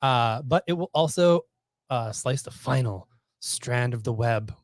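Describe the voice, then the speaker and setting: A man co-hosting a casual comics talk show, speaking haltingly with many fillers. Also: medium pitch, no room sound. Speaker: podcast co-host at a comic shop. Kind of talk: casual chat, reading book blurbs.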